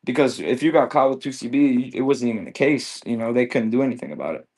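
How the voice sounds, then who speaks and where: A man's voice: mid-range voice, quick pace, a little mellow. A man selling on a live stream, telling a long story in a laid-back, rambling way full of swearing and fillers. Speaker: livestream seller. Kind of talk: casual storytelling chat.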